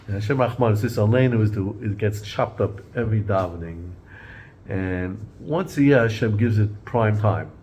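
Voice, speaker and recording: A man's voice: fairly low pitch, normal speed, a little mellow, a little hiss or hum. A man teaching an informal Torah class in a conversational way, often repeating and restarting words and mixing in Hebrew and Yiddish terms.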